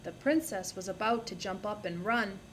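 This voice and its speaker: A young woman student reading a storybook aloud in a steady, clear narrating style. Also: mid-range voice, moderate pace, a little hiss or hum, low-quality recording. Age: young adult.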